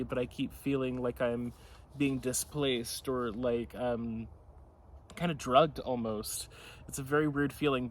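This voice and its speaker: A man's voice: mid-range voice, slight background noise. A man co-hosting a casual chat, talking in an easygoing way and chiming in with agreement. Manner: relaxed, chimes in with agreement. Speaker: co-host.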